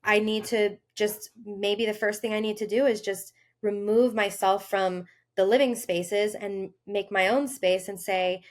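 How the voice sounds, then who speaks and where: A woman's voice: mid-range voice, steady tone, measured pace, hardly any pauses. Earnest woman podcast health coach. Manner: earnest, acts out inner voices with sudden lifts. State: briefly tearful. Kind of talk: casual podcast monologue.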